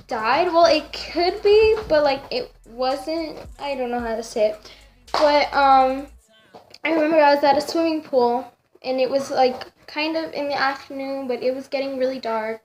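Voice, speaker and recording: Speaking directly into her camera at home, a young woman vlogger shares a casual story in a light, high voice. She wanders and loops back on herself, using lots of fillers and correcting herself, so the whole thing feels loose and chatty.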